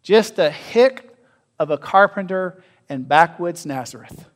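A man preaching a sermon as pastor, asking his listeners questions and swinging between loud and quiet. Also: sits high, animated, measured pace. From North America. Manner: asks the congregation questions, varies loudness widely.

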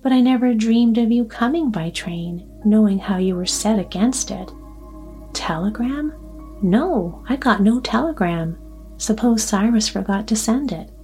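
Woman reading a calm, matter-of-fact grown son. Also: fairly high pitch, a little slow, faint music behind. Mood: steady. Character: grown son, plain-spoken and steady.

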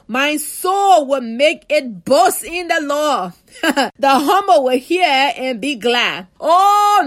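A woman's voice: high-pitched, a bit bright. A woman preaching a fervent sermon, repeating key phrases and calling out to her listeners for response.

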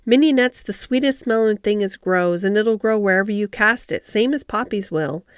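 A woman's voice: mid-range voice, normal speed, clean tone, dry recording, studio quality, natural voice. Woman doing a cheerful country boy. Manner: easy, warm, broad dialect speech. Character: cheerful country boy who talks to animals.

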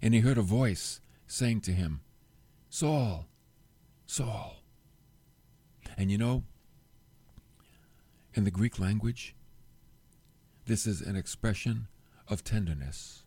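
A middle-aged man preaching a sermon, telling the story with animated delivery and acting out the quoted lines. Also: mid-range voice, husky, dry recording. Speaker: pastor.

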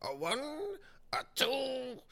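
A man voicing a strung-out fifty-five-year-old male drug dealer in high, drawn-out, spaced-out exclamations. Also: sing-song, pushed and bright, exaggerated voice. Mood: dazed, loud.

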